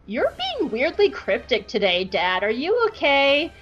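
A woman's voice: high voice, sing-song, unhurried, highs cut off, faint music behind. A woman voicing an earnest teenage boy who leads the rebels.

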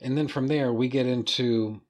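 A man gives a casual, excited comic book review, cursing freely and talking straight to his viewers. His voice sits at a middle pitch, relaxed and conversational. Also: normal speed. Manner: enthusiastic, casual, swears freely. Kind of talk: casual video commentary.

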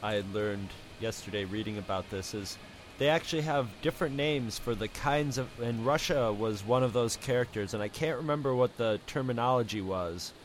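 Halting man on a podcast. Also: medium pitch, a little hiss or hum. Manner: halting, searching for words. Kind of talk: casual chat.

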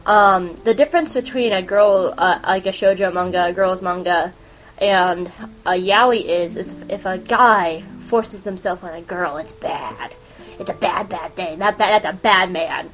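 A woman's voice: fairly low pitch, measured pace, fairly bright tone, faint music behind, rough recording. A woman hosting a podcast, reviewing anime in a rambling, casual chat with many fillers and giggles. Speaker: podcast host.

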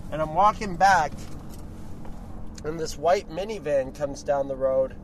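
Crude joking man in a noisy car. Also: on the high side. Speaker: podcast co-host. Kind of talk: casual chat recorded in a car. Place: inside a moving car. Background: car and street noise.

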